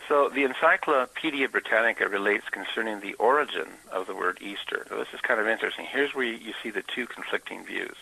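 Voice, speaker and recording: Man teaching with gravelly, bright voice. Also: on the low side, rough recording. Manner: explanatory, with frequent filler pauses. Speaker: Bible teacher. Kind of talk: informal teaching talk.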